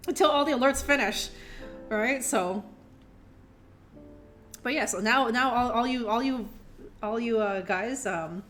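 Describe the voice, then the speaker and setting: A woman's voice: fairly high pitch, slow pace, long pauses, fairly bright tone, soft background music. A woman streamer chatting to her viewers and reading a children's book aloud, rambling and laughing often, with playful swearing, a little tipsy. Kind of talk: casual live-stream chat and reading aloud.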